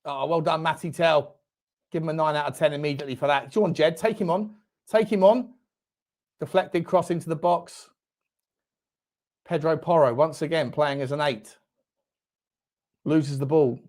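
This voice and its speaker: A young man hosting a live football watchalong, reacting loudly, swearing and shouting at the game. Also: fairly high pitch, steady tone, moderate pace, long pauses. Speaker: fan channel host. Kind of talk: live match watchalong commentary.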